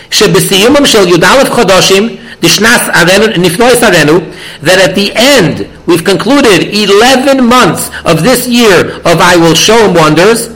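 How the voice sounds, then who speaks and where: High-voiced man expounding a text. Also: fairly bright tone, poor audio. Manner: reads Hebrew phrases, then translates and expounds them. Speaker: Torah teacher. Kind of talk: translating and explaining a Hebrew text line by line.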